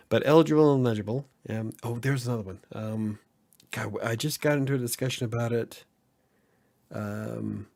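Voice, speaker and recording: Gravelly and darkish at a medium pitch, the man's voice carries a casual live-stream podcast he hosts and edits. He laughs frequently and kids around while responding to the chat.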